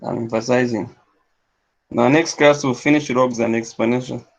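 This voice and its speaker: A man's voice: medium pitch, steady tone, normal speed. A man teaching a maths class, talking through each step aloud and checking in with his students. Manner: dictates steps aloud, checks understanding with "yes?". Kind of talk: classroom lecture. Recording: dull lo-fi classroom recording.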